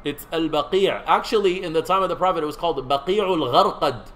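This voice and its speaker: A man's voice: on the high side, brisk, a bit bright, rough recording. A man teaching a seminary class in a conversational lecture, quizzing his students and making joking asides.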